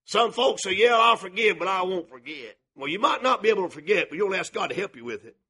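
An older male pastor preaching with passion, swinging between shouted and hushed delivery. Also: sits high, very animated, fast. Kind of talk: sermon.

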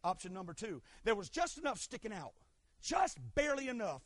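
A middle-aged pastor with a strikingly high voice, preaching with fervor. He shouts his main points and drops to hushed asides in between. The sound is dry and close, with no room around it. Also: very animated, fairly quick, no echo. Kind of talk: sermon.

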